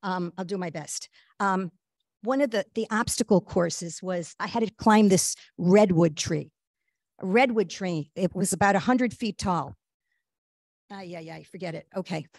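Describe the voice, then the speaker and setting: A woman guest telling a personal story in an earnest, halting way, with frequent fillers and restarts. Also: on the low side, a little mellow, no room sound, clean studio sound. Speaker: guest speaker.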